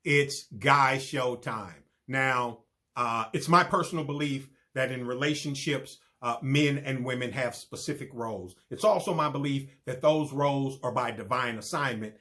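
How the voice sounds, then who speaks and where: A middle-aged man, telling a funny story as a comedian, animated and rising to excited yelps. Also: medium pitch.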